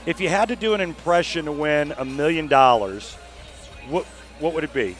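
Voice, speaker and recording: A man interviewing a guest, excitable and quick to laugh. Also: a little high, soft background music. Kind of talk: live broadcast interview.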